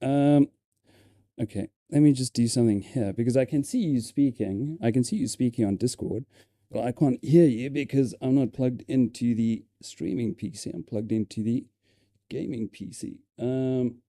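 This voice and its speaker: A man's voice: medium pitch, moderate pace, dark tone, no room sound, studio quality. A man with a South African accent, chatting casually on a live stream, hesitant with many ums and repeated words.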